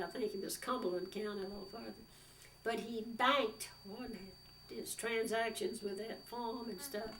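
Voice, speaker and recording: An older woman telling a rambling, folksy story about her past, with frequent pauses and fillers. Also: medium pitch. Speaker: oral history interviewee. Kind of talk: storytelling reminiscence. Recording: distant mic with faint background noise.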